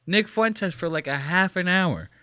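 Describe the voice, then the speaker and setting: A man's voice: high voice, unhurried, sharp tone, clean tone, no echo, clean studio sound. A man co-hosting a casual podcast, ranting with swearing and mock quotes, of Puerto Rican background. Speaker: podcast co-host.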